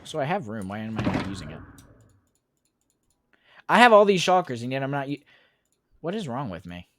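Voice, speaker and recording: On his gaming stream, a young adult man from the U.S. jokes and rambles while replying to chat, very animated in a mid-range voice at a moderate pace. Keyboard typing and mouse clicks are loud in the recording.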